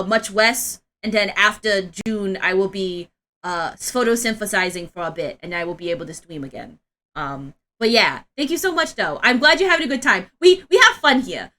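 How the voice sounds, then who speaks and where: An excitable woman streamer chatting casually to her viewers. She rambles through restarts and breaks into laughter and shrieks. Her voice is high, bright and a little tense. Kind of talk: casual live-stream chat.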